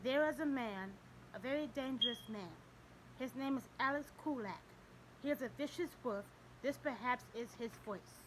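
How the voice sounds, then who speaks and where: A woman's voice: a little high, normal speed, slight background noise, natural voice, rough recording. A woman reading the part of a stern, elderly male Russian priest who speaks tersely and formally in an audiobook. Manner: terse, formal, ignores questions.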